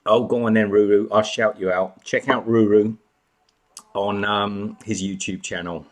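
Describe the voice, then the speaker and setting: A man's voice: fairly low pitch, steady tone, measured pace. A man hosting a casual live chat from home, greeting viewers by name and snacking as he talks. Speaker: live stream host.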